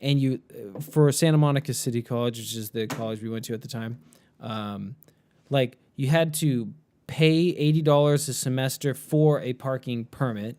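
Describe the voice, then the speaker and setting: A man's voice: medium pitch, normal speed, a little mellow. A man co-hosting a podcast in casual chat, laid-back, rambling and profane. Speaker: podcast co-host.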